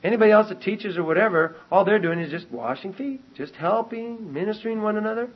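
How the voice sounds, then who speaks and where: A man preaches to his congregation in a slightly raised, husky voice. He stumbles and restarts, then climbs to loud, emphatic peaks. The recording is dull and muffled. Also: sits high, fast, few pauses. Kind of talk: sermon. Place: church meeting hall with congregation.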